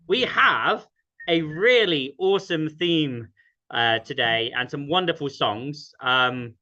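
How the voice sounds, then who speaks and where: A man's voice: on the high side, pushed and bright. A man hosting an online sing-along, chatty and self-deprecating, with many ums. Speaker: host. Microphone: video call. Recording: dull lo-fi video call audio.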